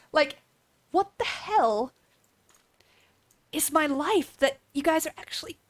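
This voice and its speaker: Slow and full of long pauses, her high-pitched voice is still animated. The young Australian streamer chats casually during her game, rambling, laughing and swearing freely.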